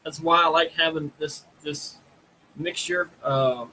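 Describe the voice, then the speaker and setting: A man hosts a live stream in a loose, chatty way, pausing often with ums and uhs. His voice is on the high side for a man. A faint hiss sits behind him. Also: fairly even intonation, pushed and bright, rough recording. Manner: hesitant, many fillers. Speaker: podcast host. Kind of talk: casual live-stream chat.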